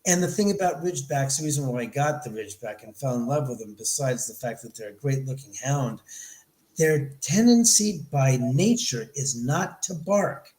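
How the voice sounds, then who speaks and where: A middle-aged man from Los Angeles, a podcast guest, telling a story in an animated way and acting out the people he quotes. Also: mid-range voice, moderate pace. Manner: animated, acts out quoted dialogue. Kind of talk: storytelling in an interview. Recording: echoey room.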